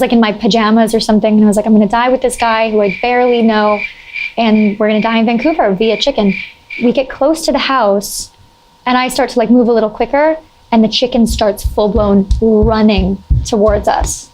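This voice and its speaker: A young woman with a slightly high voice tells a casual story, animated and chatty. She leans on "like" as filler and jumps up into shrill exclamations at the big moments. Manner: animated, heavy use of "like" fillers.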